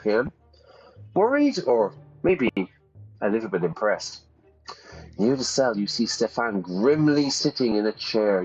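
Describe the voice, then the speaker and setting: A man's voice: on the low side, darkish tone. A man who teaches English while playing a game aloud, chatty and often checking in with his listeners. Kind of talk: reading a game aloud with vocabulary comments. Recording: dull sound with faint music.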